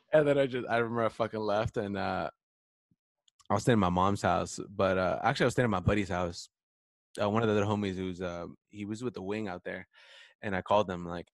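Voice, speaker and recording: Deep gravelly laid-back man. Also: a little fast, pauses often, no echo, clean studio sound. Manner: laid-back, swears often, laughs while telling stories. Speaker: podcast co-host, Navy corpsman veteran. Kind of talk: casual profane storytelling chat.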